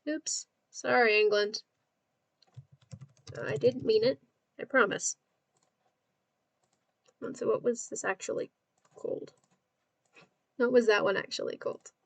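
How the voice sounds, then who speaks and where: A woman's voice: on the high side, fairly even intonation, a little slow, gravelly, long pauses. A young Australian woman hosting a livestream, chatting casually and laughing often while she works and answers her viewers. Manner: giggly, chatty, talks to chat while working. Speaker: livestream host.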